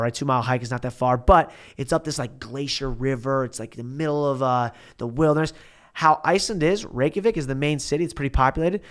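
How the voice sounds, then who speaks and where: A young man in his twenties tells a story as a podcast guest, loose and slangy. He acts out what everyone said with lively energy. His voice sits at an ordinary middle pitch. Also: smooth. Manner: animated, slangy, acts out quotes. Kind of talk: casual storytelling.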